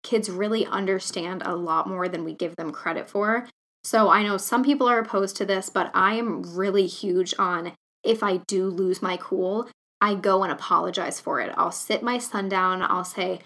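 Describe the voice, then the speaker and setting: A woman's voice: mid-range voice, moderate pace, sharp tone. Earnest chatty woman podcaster. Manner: earnest, chatty, lots of fillers like "you know". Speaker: podcast host. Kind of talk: casual solo podcast talk.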